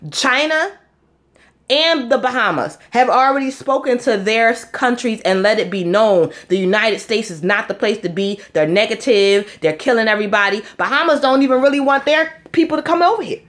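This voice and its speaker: A woman blogger giving a fiery, preachy live-stream address, repeating herself and swearing bluntly. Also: medium pitch. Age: adult with four children.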